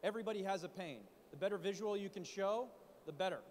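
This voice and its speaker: Animated high-voiced man coaching from a stage. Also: fast talker, big-room sound, a little hiss or hum. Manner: animated, rhetorical questions, coaching. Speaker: conference speaker. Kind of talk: startup pitch talk. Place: conference stage in a large hall. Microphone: handheld mic.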